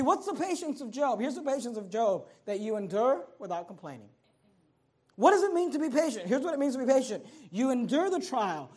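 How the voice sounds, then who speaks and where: Male preacher, very high voice, emphatic delivery with loud peaks and low drops, repeats himself. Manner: emphatic, rising to near shouts and dropping low; repeats words and phrases. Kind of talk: sermon.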